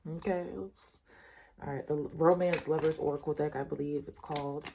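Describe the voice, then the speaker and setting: A woman's voice: low-pitched, steady tone, moderate pace, dark tone, slight background noise. A woman giving a casual spoken tarot reading, talking straight to the listener, repeating her points with emphasis and reassurance. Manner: direct, repetitive, addresses the listener as you and y'all. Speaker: tarot reader.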